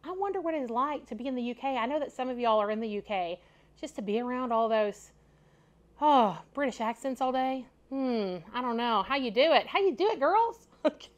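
A woman's voice: on the high side, fairly quick, dull audio. A woman chatting casually at home while she unboxes and tries on clothes. She talks in a loose, chatty way, laughs often and fills her speech with "like" and "y'all". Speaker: fashion vlogger.

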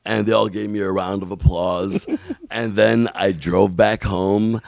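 Deep, gravelly man telling a story. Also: a little slow, dry recording. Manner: animated, acts out other people's lines; blunt, swears casually. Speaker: podcast guest. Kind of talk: storytelling in a podcast interview.

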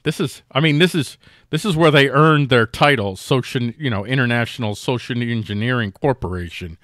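This podcast co-host chats casually and sarcastically about politics, rambling and restarting his sentences. He has a medium-pitched, fairly bright voice at normal speed, captured in a dry, studio-quality recording.

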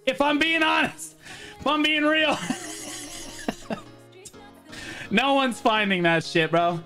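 Excitable man, high bright voice, slow drawn-out talk, faint music behind. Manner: excitable, laughing, swearing, loud outbursts. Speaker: game streamer. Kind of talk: live stream commentary.

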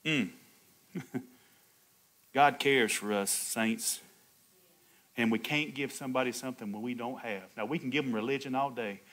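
A male pastor preaching a sermon, swinging from loud, high exclamations to soft, low asides and chuckling between points. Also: moderate pace, pauses often. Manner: call-and-response preaching, laughs between points.

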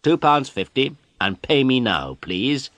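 A man reading a storybook aloud, voicing a proud, brusque middle-aged photographer who talks slowly and emphatically. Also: mid-range voice, sing-song, a bit bright, dry recording, muffled recording, voice pushed up. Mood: boastful. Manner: boastful, brusque, slow and emphatic.

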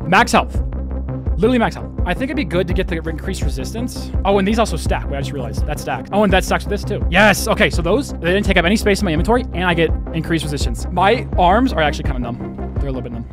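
A young man with a high voice comments on his game live on a home stream, swinging wildly up and down in pitch as he goes. He gets excited fast, swears freely and keeps turning to his chat. Faint game music plays under his desk-mic voice.

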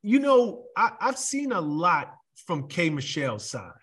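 A man's voice: fairly high pitch, big pitch swings, unhurried, a bit bright, slightly rough. A man hosting a casual interview, asking questions with hesitant restarts. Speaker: interview host.

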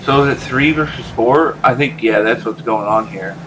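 A man commentating his own gameplay casually, ranting and swearing at his teammates, his voice jumping up into yells. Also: mid-range voice, normal speed, slight background noise. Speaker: gameplay streamer.

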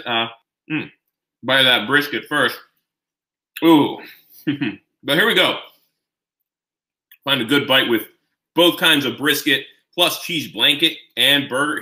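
Bright-voiced man gushing on a live cooking stream. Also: mid-range voice, slow pace, long pauses. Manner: chatty, rambling, talks to viewers and chat; gushing with excitement while tasting. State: eating while talking. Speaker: home cook streaming live. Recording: roomy, echoing room sound.

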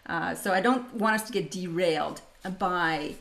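A woman's voice: lowish voice, moderate pace, vocal fry, a bit bright. A middle-aged Canadian woman presenting a leadership webinar over a video call, chatty and upbeat, laughing often. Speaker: leadership speaker hosting a webinar.

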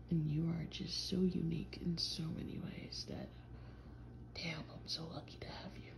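A woman playing a gravelly teasing vampire boyfriend. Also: fairly low pitch, muffled recording, a little hiss or hum. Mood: affectionate. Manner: teasing, playful, drawling slang. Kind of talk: listener role-play audio.

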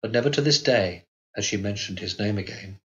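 A low-voiced man narrating a literary novel in the first person, measured and reflective. The sound is dull and a little lo-fi. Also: a bit bright. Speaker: audiobook narrator. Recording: dull lo-fi recording.

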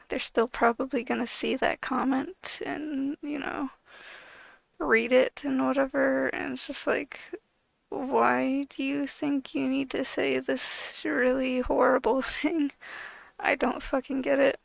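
A woman's voice: high voice, vocal fry, no room sound, poor audio. A woman YouTuber ranting in a casual vlog, exasperated and swearing heavily, with lots of filler words.

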